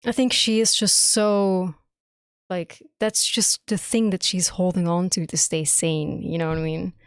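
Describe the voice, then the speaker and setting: A woman's voice: on the low side, fairly even intonation, unhurried, clean tone, no echo, clean studio sound. Gushing woman streamer reacting to a game. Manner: gushing, emphatic, swears often. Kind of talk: live gameplay reaction commentary.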